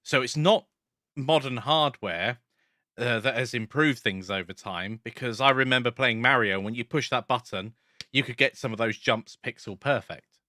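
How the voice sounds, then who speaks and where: A man's voice: medium pitch, moderate pace, pushed and bright, no echo, studio quality. A man co-hosting a casual chat about game design, joking and restarting his sentences often. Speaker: co-host.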